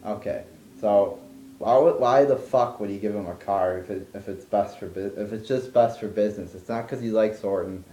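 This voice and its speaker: A man's voice: on the low side, normal speed, mellow. Profane ranting man, roomy lo-fi sound. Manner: profane, exasperated, rambling with restarts. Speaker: wrestling commentary vlogger. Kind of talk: ranting monologue.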